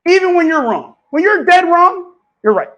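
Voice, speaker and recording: A man hosting, coaching a live audience in an animated, profane, mocking way. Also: extremely high pitch, moderate pace. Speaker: host.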